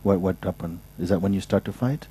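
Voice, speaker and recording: A man speaking as a spiritual teacher, patiently and softly giving advice at a gathering, often restarting his sentences. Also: deep voice, brisk, a little hiss or hum, rough recording. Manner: patient, soft-spoken, with frequent restarts. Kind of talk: gentle advice in a question session.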